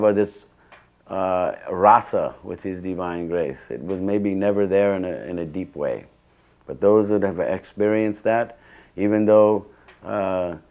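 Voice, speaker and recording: A man's voice: low-pitched, a little mellow. An older man in an interview, earnestly recalling his spiritual teacher in rambling, emphatic stories. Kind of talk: reminiscing interview.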